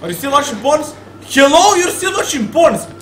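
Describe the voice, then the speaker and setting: Male gamer, very high and bright voice, foul-mouthed and jumpy, reacting out loud to a horror game. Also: moderate pace, reverberant, a little hiss or hum, rough recording. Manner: excitable, swearing, talking back at the game. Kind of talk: profane let's play commentary.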